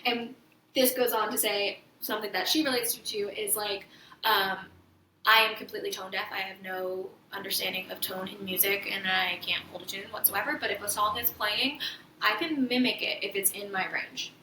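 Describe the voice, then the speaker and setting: A woman co-hosting a casual chat, candid and quick to swear and laugh. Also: mid-range voice, steady tone, pushed and bright, distant mic. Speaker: podcast co-host. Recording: echoey room, voice a bit off-mic, faint noise.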